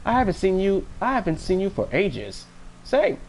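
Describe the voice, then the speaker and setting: A young man in his twenties from Florida rambles through casual stream chat. His pitch swings widely as he jokes and restarts his sentences, with faint noise underneath. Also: huge pitch swings, moderate pace, gravelly. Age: 20s. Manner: rambling, joking, many restarts.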